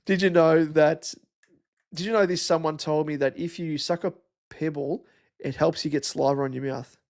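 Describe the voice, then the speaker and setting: A man's voice: fairly high pitch, fairly even intonation, moderate pace, a little mellow. An Australian young man hosting a casual live stream, rambling and chatty with lots of fillers as he reads out comments. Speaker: livestream host.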